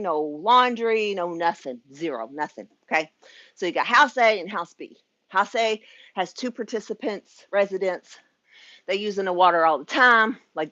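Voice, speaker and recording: A woman's voice: mid-range voice, a bit bright, no echo, highs cut off. A middle-aged woman from the United States, a spiritual life coach venting frankly to her viewers at home, chatty, swearing and laughing, sweaty. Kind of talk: casual vlog rant.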